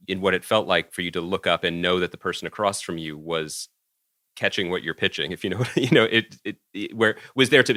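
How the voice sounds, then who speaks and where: A man co-hosting a podcast, asking a guest a halting question and searching for words. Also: low voice, pushed and bright, no room sound, studio quality. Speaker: podcast host. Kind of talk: casual chat.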